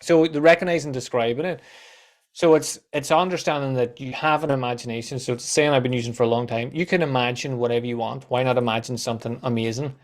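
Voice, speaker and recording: Guy chatting on a podcast, lively, acts out the voices in his stories, swears casually. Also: mid-range voice, quick pace. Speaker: guest, content coach.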